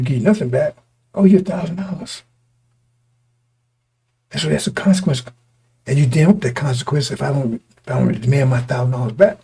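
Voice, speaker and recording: A man preaching a sermon to his congregation, his voice going hoarse, talking in repetitive, stop-start bursts and often asking listeners whether they understand. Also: mid-range voice, lively intonation, fairly quick, pauses often, mellow. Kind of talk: street-style sermon to a congregation.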